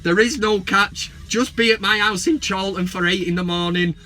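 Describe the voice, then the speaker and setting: A man talks straight to camera from his parked truck, excitable and quick to swear. His voice sits high and sounds bright and forceful. It is loose, chatty fan-vlog talk. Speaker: football vlog host. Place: parked truck at a service station.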